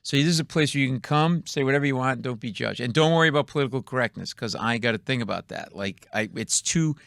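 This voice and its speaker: A man's voice: mid-range voice, vocal fry, fairly bright tone, no echo. A middle-aged man, a comedian guest, telling stories in a radio studio and acting out the people in them. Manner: acts out quoted voices, punchy and quick. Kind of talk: animated comedic storytelling.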